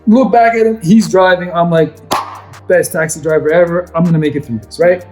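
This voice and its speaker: A young man telling a story in casual chat, animated and acting out his friends' voices. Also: high voice, a little fast. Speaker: vlogger. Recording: echoey room with faint music.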